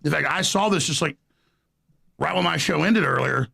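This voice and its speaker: A man's voice: fairly high pitch, moderate pace, vocal fry, sharp tone, slightly rough. A man speaking with heated outrage in a political talk show discussion.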